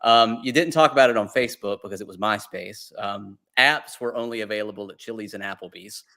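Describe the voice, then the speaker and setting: A man's voice: on the low side, a little fast, gravelly, pushed and bright. Man riffing through a comic list. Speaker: podcast co-host. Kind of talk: casual sports chat.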